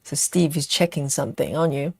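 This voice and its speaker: A woman hosting a craft livestream, reading viewer comments aloud and thinking aloud with lots of ums in a relaxed, casual chat. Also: low-pitched, fast, gravelly, no room sound. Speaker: cross-stitch livestream host.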